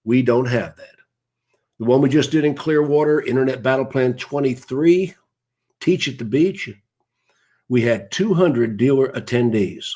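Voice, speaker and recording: A man's voice: mid-range voice, measured pace, warm tone, husky. A man, hosting a live broadcast in a casual, rambling way and greeting viewers by name as he goes.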